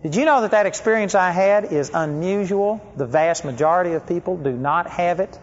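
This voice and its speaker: A man with a high voice preaches to a congregation, telling stories and asking his listeners direct questions. His voice rings through a large hall. The recording is dull and lo-fi. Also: a little fast. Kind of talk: sermon. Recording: echoey hall, dull lo-fi sound.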